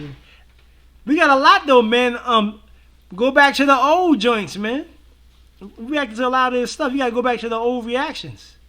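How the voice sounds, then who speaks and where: A high-voiced man chats easily with his viewers, full of slang and strings of yeah, yeah. His talk is loose and relaxed, the style of a casual livestream co-host. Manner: laid-back, slangy, many repeated fillers. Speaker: co-host of a reaction show.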